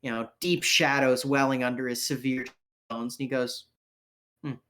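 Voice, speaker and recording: A man's voice: mid-range voice, level tone, normal speed, a bit bright. A man narrating a tabletop role-playing game as game master, in a casual, vivid way. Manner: casual, vivid, with fillers and restarts.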